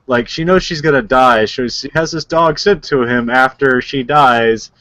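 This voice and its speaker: A man's voice: medium pitch, normal speed, fairly bright tone, no echo. A man co-hosting a podcast, retelling a movie in casual chat, rambling with lots of filler words and frequent laughs. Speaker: podcast co-host.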